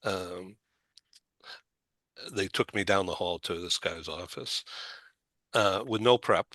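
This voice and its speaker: An older man hosting a talk show, telling a personal story in a halting way, with stumbles, fillers and small laughs. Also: low-pitched, fairly bright tone, dry recording. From Boston area.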